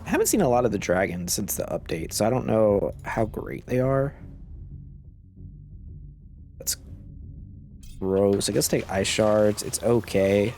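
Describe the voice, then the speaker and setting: Gaming host, male, low and gravelly, sore throat, laid-back running commentary. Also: animated, unhurried, long pauses, darkish tone, soft background music. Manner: low-key, musing aloud while playing. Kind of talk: casual gameplay commentary. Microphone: cough drop in mouth.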